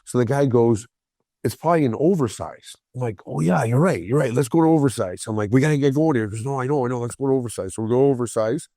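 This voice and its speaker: A man in his forties telling a long story on a podcast in a casual way. He acts out the other people's voices, repeats words when he gets excited, and laughs along. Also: mid-range voice, quick pace, no room sound, studio quality. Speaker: guest storyteller.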